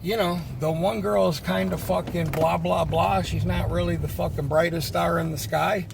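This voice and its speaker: A man's voice: high voice, fairly even intonation, moderate pace, gravelly, noisy background. A man who works in pest control, telling a work story in a casual, profane, exasperated way.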